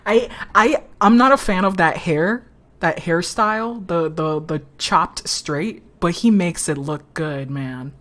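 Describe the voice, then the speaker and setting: A woman streamer giving casual commentary on a game, swearing often, laughing a lot and reacting loudly to what happens on screen. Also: on the low side, slow, slight background noise.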